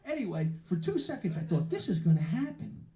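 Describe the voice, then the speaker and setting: A man's voice: high voice, very animated, fairly quick, warm tone. A man doing stand-up storytelling with a punchy delivery. He keeps tagging lines with "right?" at a live comedy show. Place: comedy show in a community arts center. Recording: echoey room, live show.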